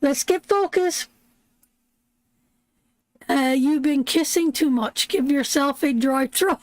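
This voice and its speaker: A woman with a Canadian accent giving live tarot readings, slow and soothing, a little congested and sleep-deprived. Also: high voice, no echo, rough recording. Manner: slow, soothing, calls viewers sweetheart.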